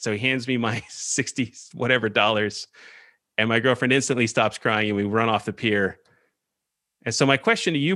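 A podcast host tells a self-mocking story in a bright, forceful voice. His pitch swings widely as he animates the telling. The sound is dry and close. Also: no room sound. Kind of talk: comedic storytelling.

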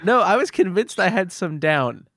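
A man's voice: high voice, big pitch swings, normal speed, fairly bright tone, no room sound, studio quality. A man hosting a casual podcast, rambling and self-deprecating, laughing often as he loses his train of thought. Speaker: podcast host.

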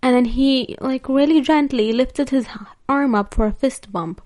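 A woman's voice: high voice, moderate pace, darkish tone. A young woman vlogger telling a story in casual chat, laughing often and using lots of filler words.

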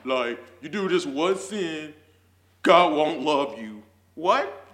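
A young man teaches a casual Sunday school Bible lesson in an echoey room, using slang and plenty of "like"s. His fairly high, expressive voice moves at a slow pace, grows fervent, and builds nearly to shouting, and he laughs often.

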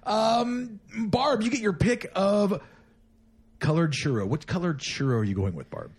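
A man's voice: high-pitched, animated, unhurried, husky. A man hosting a podcast, chatting casually in a playful, teasing, joking way. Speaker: podcast host. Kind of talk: casual chat.

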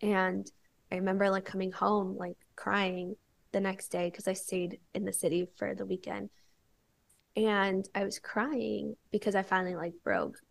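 A young woman speaks as a podcast guest, sharing a personal story in relaxed, candid chat. Her voice has a strong gravelly fry at mid pitch, and she leans on "like" between phrases. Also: a little slow. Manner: candid storytelling, many filler "like"s. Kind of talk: casual chat.

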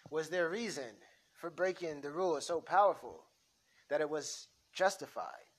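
A man's voice: fairly high pitch, voice pushed up, lightly acted. A man reading as a stern old crime boss. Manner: measured, authoritative. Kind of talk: amateur script reading.

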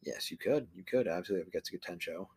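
A man's voice: sits low, racing, darkish tone, husky. A young man co-hosting a podcast in casual chat, rambling with lots of fillers, restarts and casual swearing. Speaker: podcast co-host.

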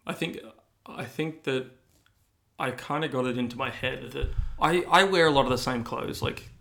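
Speaking at normal speed, this young male podcast co-host has a medium-pitched voice that's gravelly and a bit bright. His casual chat is full of fillers and false starts.

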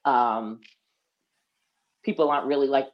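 A woman's voice: extremely low pitch, steady tone, unhurried, lo-fi sound, over a noisy crowd. A woman co-hosting a casual chat, frank and blunt as she tells stories. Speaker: podcast co-host.

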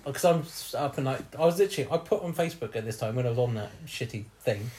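A young man tells a rude, funny story to his co-hosts. He keeps laughing and bursts into lively retellings of what everyone said. His voice sits at an ordinary pitch. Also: fast talker, a crowd in the background. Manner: laughs often, bawdy, animated retelling. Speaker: podcast host telling a story. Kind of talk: casual comic storytelling.

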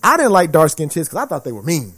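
This man speaks with a fairly high voice that swings up and down. He talks in a relaxed, slangy way but hits his points hard and often acts out the voices of people he quotes. The pitch jumps are wide and lively. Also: fast talker, slightly rough. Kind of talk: casual chat.

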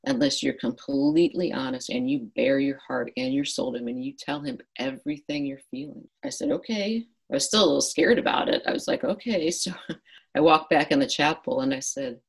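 A middle-aged woman speaks with a deep, breathy-edged voice. She tells a personal story as an interview guest, earnestly reenacting her own past conversations. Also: fairly quick, low-quality recording. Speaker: guest author.

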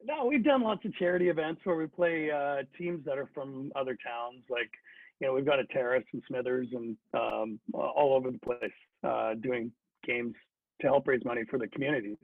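Speaking at normal speed with a medium-pitched, creaky voice, a middle-aged man who used to play hockey recounts a story. It's casual and chatty, with lots of fillers and restarts, and the sound is dry and phone-like with no room sound.

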